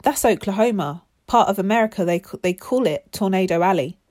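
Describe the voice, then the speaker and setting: A woman's voice: medium pitch, expressive, fairly quick, darkish tone, lightly acted. A woman voicing an earnest female scientist who explains things in a children's story. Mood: explaining. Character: woman scientist running a control room.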